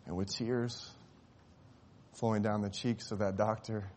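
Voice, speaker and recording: Male preacher, sermon storytelling, impassioned peaks, hushed lows. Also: level tone, slow, pauses often, slight background noise. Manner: swells to impassioned shouting at climaxes, drops to hushed tones.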